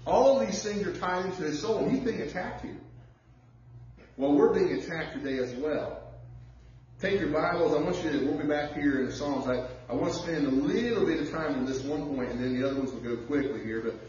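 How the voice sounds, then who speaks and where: Male pastor, fairly high voice, folksy storytelling sermon, recorded from far back in a very echoey church with dull sound. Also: expressive, a little mellow, slight background noise. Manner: conversational preaching with personal stories, drawling slow emphasis.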